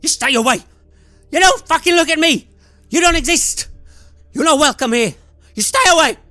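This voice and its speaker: A screaming unhinged hermit. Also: male voice, high-pitched, very animated, takes it slowly, slightly rough, no echo, pitched above the performer's own voice, exaggerated voice. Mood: furious. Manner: screaming, then babbling in broken repeats. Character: haggard frantic hermit man, paranoid and unhinged.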